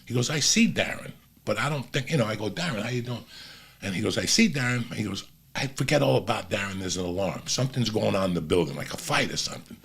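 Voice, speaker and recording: A middle-aged man with a deep gravel in his voice and a husky, rough edge, hosting a podcast from a studio. He tells profane street stories in casual chat, often sinking low and quiet as he draws listeners in. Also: animated, fast. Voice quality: gravelly, raspy. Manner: profane, drops low and quiet when storytelling. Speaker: podcast host.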